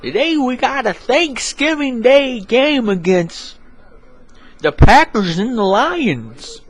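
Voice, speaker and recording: A man voicing an excitable play-by-play announcer in a homemade comedy sketch, stretching his words out. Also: very high-pitched, pitched above the performer's own voice, exaggerated voice. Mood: announcing. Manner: drawn-out, exclaiming.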